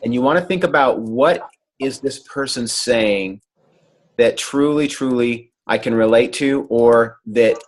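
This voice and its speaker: A man leading a group coaching call, talking in an earnest, encouraging way over a video call. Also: medium pitch. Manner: earnest, animated when imitating excitement. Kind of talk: motivational coaching talk.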